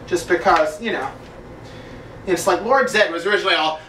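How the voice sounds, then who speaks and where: A man's voice: high-pitched, a little fast, long pauses, pushed and bright. A man hosting a casual video journal from his kitchen, rambling loosely and packing his talk with filler words. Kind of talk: casual chat while cooking. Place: home kitchen. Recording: roomy, distant mic, faint background noise.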